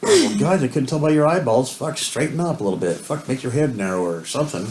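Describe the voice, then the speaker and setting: A man's voice: mid-range voice, animated, fast, darkish tone. A man telling rambling stories in casual chat and swearing constantly as co-host. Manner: rambling storytelling, heavy swearing. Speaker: co-host of a couple's video talk. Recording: roomy echo with faint hiss.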